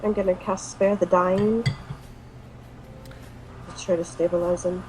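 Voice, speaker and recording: A woman's voice: on the low side, flat delivery, measured pace, a little mellow, a little hiss or hum, rough recording. A woman playing a tabletop game, light-hearted and chiming in with her character's actions. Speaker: player.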